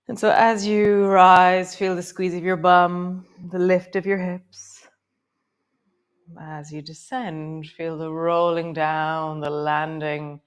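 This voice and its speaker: A woman with a slightly low voice leads a live yoga class. She gives gentle, encouraging cues and drops in chatty asides between them. Her delivery slows and softens as she guides each movement. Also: smooth. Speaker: yoga teacher.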